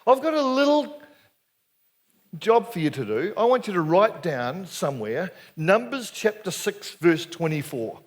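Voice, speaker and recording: An older Anglican preacher with a New Zealand accent, telling stories to a hall of men. His voice sits high and swings widely up and down. He keeps it chatty and playful, often throwing questions out to the crowd. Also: a little slow. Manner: lively, jokey, chatty, asks the crowd questions. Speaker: Anglican minister, speaker. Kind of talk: storytelling sermon to a men's gathering.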